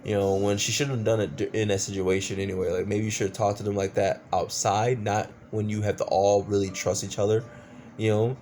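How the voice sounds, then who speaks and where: A man's voice: fairly low pitch, level tone, fairly quick, darkish tone, slight background noise. A man giving a casual, exasperated movie review, swearing often and stumbling over fillers. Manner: exasperated, profane ranting with many fillers.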